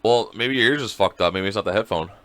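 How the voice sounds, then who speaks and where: A man's voice: fairly low pitch, quick pace. A man in his thirties, co-hosting a podcast over a video call, telling crude stories and acting out voices. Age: 30s. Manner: animated, crude storytelling with voices for his child. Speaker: podcast co-host. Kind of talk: casual chat.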